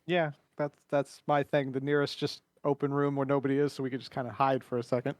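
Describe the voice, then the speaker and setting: A young man playing a tabletop game, joking and blunt in quick asides. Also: medium pitch, little pitch movement, dry recording. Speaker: player. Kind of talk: casual tabletop play.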